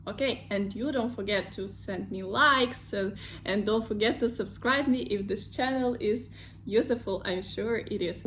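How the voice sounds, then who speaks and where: A woman with a Russian accent teaching pronunciation in an online lesson, explaining slowly and drawing out each example word. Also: on the high side, a bit bright, a little hiss or hum. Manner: slow, careful explanations with drawn-out model words.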